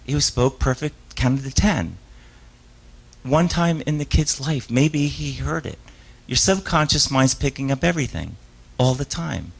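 The recording quality is poor, and the man's mid-range voice is gravelly with a breathy edge, expressive and unhurried. At a live author talk with audience questions, this stage hypnotist wanders through his stories, breaking off and restarting, laughing often, and imitating the voices of the people in them.

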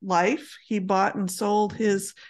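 A middle-aged woman co-hosting a family history podcast, talking in a relaxed, meandering way with many fillers. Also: medium pitch, takes it slowly. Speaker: podcast co-host. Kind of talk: casual chat.

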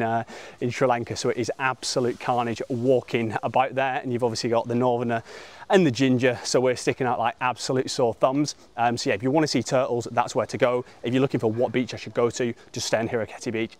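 A young man, a travel vlogger, talking casually and upbeat, with lots of slang, outdoors by a beach. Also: medium pitch.

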